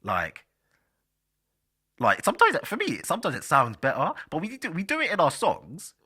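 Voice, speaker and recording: A man's voice: a little high, huge pitch swings, moderate pace, bright, forceful tone, slightly rough. A man hosting a solo podcast, chatting casually and rambling with fillers, speaking directly to his listeners. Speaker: podcast host.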